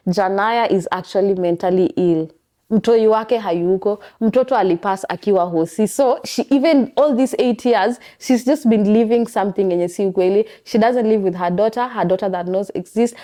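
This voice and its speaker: Kenyan woman host, young, mellow tone, chatty film recap mixing slang and English. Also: medium pitch. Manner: mixes Swahili slang and English. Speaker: podcast host.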